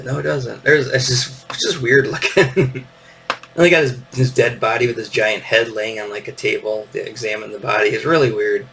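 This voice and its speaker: A man's voice: mid-range voice, gravelly, a bit bright, distant mic, a little hiss or hum, low-quality recording. A man in his fifties hosting a casual show-and-tell, meandering with lots of fillers and little chuckles. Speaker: podcast host.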